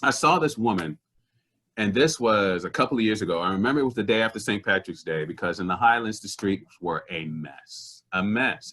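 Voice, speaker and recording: A man speaking as a guest comedian, earnest and indignant as he tells true stories. His voice sits low yet rings bright and forceful. He slips easily into voices for the people he describes. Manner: animated, acts out other people's voices in stories; earnest and indignant about social issues. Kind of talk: conversational storytelling.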